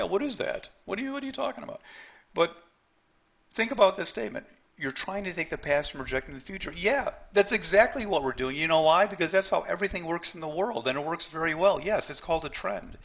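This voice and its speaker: A man's voice: a little high, pushed and bright. A man teaching a live trading seminar, blunt and emphatic, often repeating himself and talking straight to the group.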